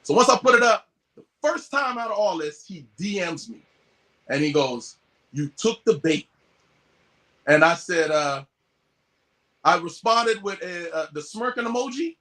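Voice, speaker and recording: Man, podcast guest, high voice, lively swoops, swearing, acts out quoted voices. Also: moderate pace. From US West Coast. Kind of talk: casual storytelling.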